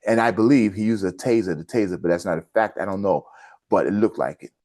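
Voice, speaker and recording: A man's voice: fairly low pitch, fast, darkish tone. A man hosting a commentary show, speaking with indignation and addressing his listeners as family. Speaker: host of a news commentary channel. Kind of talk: impassioned commentary addressing viewers.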